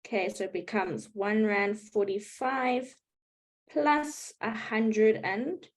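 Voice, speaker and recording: A woman's voice: medium pitch, steady tone, takes it slowly. A woman teaching a live online maths class, explaining patiently step by step and checking in with her students. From South Africa.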